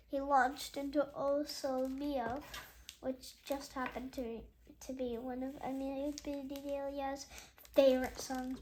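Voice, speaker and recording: A woman reading a children's chapter book aloud, slowly and carefully, with small slips and chatty asides between passages. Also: high-pitched. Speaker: read-aloud host.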